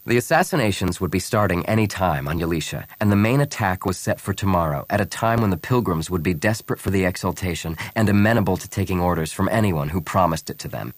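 Low-voiced man narrating calmly. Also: fast, hardly any pauses, no room sound. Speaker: audiobook narrator. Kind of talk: scripted narration.

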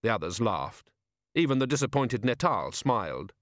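A man's voice: medium pitch, sing-song, normal speed, a bit bright, no echo. Male novel narrator, wry dry delivery, very close and dry sound. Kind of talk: audiobook narration.

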